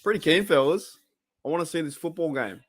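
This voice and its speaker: A man's voice: fairly high pitch, a little fast. A man with an Australian accent hosting a football watch-party live stream, chatting casually and reacting aloud to the game.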